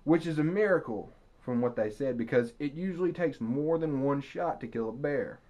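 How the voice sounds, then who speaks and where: A young man ranting to his camera, telling a story with profanity and sarcasm, and breaking into loud mock screams. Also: medium pitch, animated, normal speed, highs cut off. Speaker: vlogger. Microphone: camera mic.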